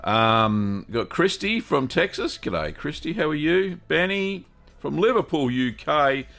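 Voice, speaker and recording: A man with an Australian accent hosting a live stream, greeting viewers one by one in a relaxed, chatty way. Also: a little high, slow pace, creaky. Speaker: host of a cheese-making livestream. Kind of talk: casual live-stream chat.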